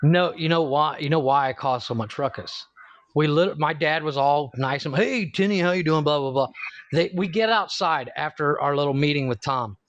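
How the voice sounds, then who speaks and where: A man co-hosting a podcast in casual chat, swearing freely, laughing often and telling lively stories. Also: fairly high pitch, normal speed, dry recording, muffled recording. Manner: swears freely, laughs a lot, animated storytelling. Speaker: podcast co-host.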